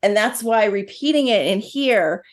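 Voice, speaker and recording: A woman's voice: mid-range voice, lively intonation, measured pace, a crowd in the background. A woman on a film podcast panel, earnestly explaining her view in casual talk with fillers.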